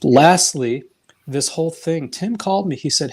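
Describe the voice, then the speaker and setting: A man's voice: fairly high pitch, normal speed, slightly rough. A man in a heated live-stream argument. He sounds defensive and exasperated, and he swears when pressed. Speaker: watch community member.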